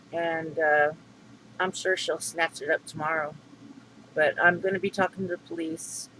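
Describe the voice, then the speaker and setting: Middle-aged man, high bright voice, rambling aggrieved vlog rant. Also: a little hiss or hum, poor audio. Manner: rambling, aggrieved, many fillers and restarts. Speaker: vlogger. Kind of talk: upset venting monologue.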